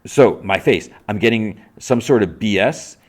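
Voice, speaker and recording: A man's voice: on the low side, animated, a little slow, voice pushed up. A man doing a tough, furious female agent. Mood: indignant.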